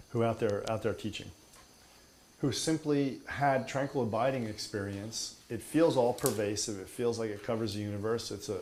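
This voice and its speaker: A man's voice: medium pitch, a little mellow, a little hiss or hum. A man teaching meditation in an emphatic, playful way, mixing in humor and mockery. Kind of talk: spoken teaching.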